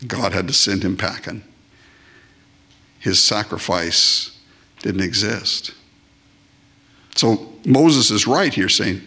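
A man's voice: fairly low pitch, expressive, slow, pauses often, bright, forceful tone, husky. A man preaching a sermon, emphatic and repeating phrases, now and then acting out short comic voices. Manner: acts out short comic voices of worshippers and God. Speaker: pastor.

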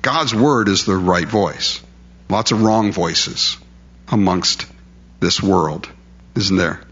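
A man's voice: deep voice, slow, fairly bright tone, dull audio. A male preacher delivering a sermon in an emphatic, conversational way, full of rhetorical questions.

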